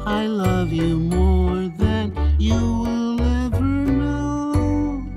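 An actor voicing a sweet, clingy male toy doll who sings slowly and affectionately. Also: very high-pitched, steady tone, loud music behind the voice, heavily acted. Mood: sugary. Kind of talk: singing.

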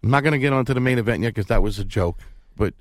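A man's voice: mid-range voice, racing, no echo. A man co-hosting a boxing podcast, giving blunt, emphatic opinions in casual chat.

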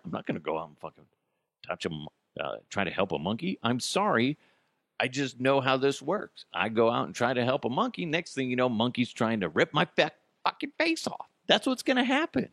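A man giving a profane comedic rant about the news, sarcastic and animated, jumping into high mocking voices. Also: no room sound, clean studio sound. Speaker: comedic commentary host.

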